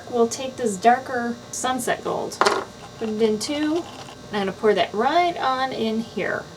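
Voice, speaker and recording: A woman's voice: sits high, noisy background. A woman hosting a craft channel, talking casually through each step of a do-it-yourself tutorial.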